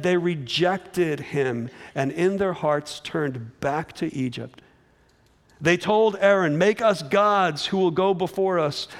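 Male preacher, high voice, animated and humorous, stumbling restarts. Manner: animated storytelling with repeated restarts. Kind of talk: sermon.

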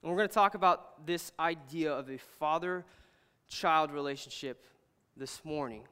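A young man preaching a casual storytelling sermon, earnest and animated, often saying "like" as he talks. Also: on the high side, unhurried, clean tone. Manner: earnest, animated, heavy use of "like". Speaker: pastor. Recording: long hall reverb.

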